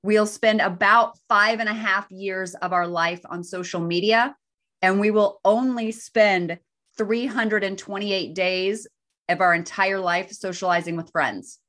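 A woman's voice: medium pitch, fairly even intonation, unhurried, fairly bright tone. Upbeat woman co-hosting a talk show. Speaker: podcast co-host. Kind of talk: casual chat.

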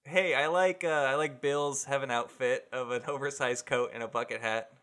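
Man, podcast host, bright clear tone, relaxed chatter, asks the questions. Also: medium pitch, normal speed. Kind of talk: casual chat.

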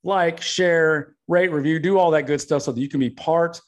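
A man's voice: a little high, moderate pace. A man hosting a podcast, ranting bluntly about politics and swearing often. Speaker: podcast host. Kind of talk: political rant.

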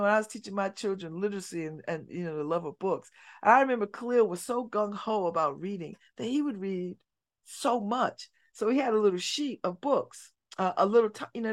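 Animated woman radio host telling stories. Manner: animated storytelling, drops voice low and soft for emphasis. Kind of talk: casual talk radio monologue. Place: radio studio.

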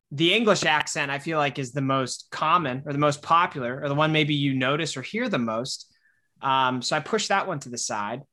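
A man's voice: fairly high pitch, bright, forceful tone. A man from Wisconsin co-hosting a casual podcast, curious and a little rambling as he talks. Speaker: podcast co-host. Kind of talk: casual chat.

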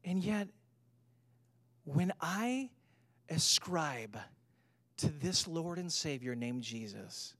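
Animated man preaching in a dry room. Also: fairly high pitch, slow, pauses often, no room sound. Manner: storytelling with humor, animated and emphatic. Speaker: pastor. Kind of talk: sermon.

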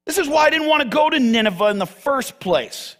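A man acting out an angry grown prophet, yelling indignant questions at God. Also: high-pitched, big pitch swings, moderate pace, vocal fry, breathy edge, full character voice. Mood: furious. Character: furious biblical prophet Jonah, grown man, bitter.

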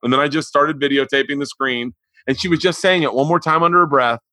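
A man's voice: fairly high pitch, fast talker, sharp tone, no room sound. A man hosting a podcast, telling family stories in casual chat and laughing as he goes. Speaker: podcast host.

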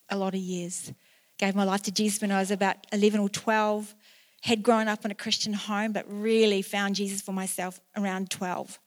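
A woman in her sixties with a New Zealand accent, preaching a sermon in church and telling a personal story earnestly, with emotional rises. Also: medium pitch. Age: 60s. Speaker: pastor.

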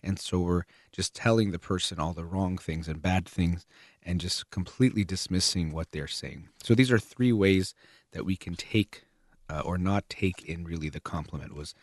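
A man with a very low voice talks through ideas calmly and methodically, pausing now and then on a filler. The sound is close and dry, with no room around it. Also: no room sound. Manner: calm, measured, explaining step by step with occasional fillers. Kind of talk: explanatory talk on relationships.

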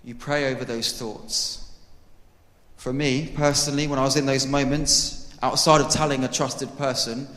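Speaking at normal speed in a steady, mid-range, fairly bright voice, a man gives an earnest, conversational sermon to his church, joking with the congregation. The church hall is echoey, with a long reverb.

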